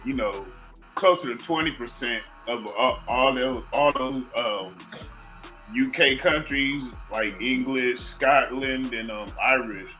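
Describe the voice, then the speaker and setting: A man co-hosting a casual podcast, relaxed and quick to laugh. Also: medium pitch, soft background music, low-quality recording. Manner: laid-back, laughing easily. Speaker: podcast co-host.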